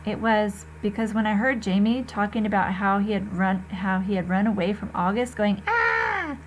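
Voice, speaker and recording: A woman teacher reading a novel aloud to her students, expressive and conversational, talking to the class directly. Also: medium pitch, normal speed, dull audio, slight background noise.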